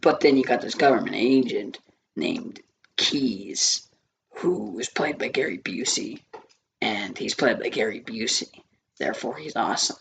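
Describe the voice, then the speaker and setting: A man with a scratchy, gravelly, lowish voice and a fairly bright tone gives a rambling movie review. He gets easily distracted and swears often.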